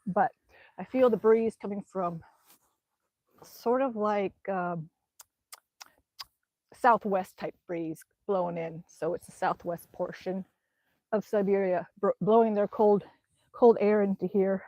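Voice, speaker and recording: A woman's voice: medium pitch, fairly even intonation, takes it slowly, long pauses, warm tone, dry recording, dull audio. A woman chatting casually on a live stream outdoors in winter, rambling with many ums as she reads the chat. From Alaska. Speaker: vlogger reading live chat. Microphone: phone camera.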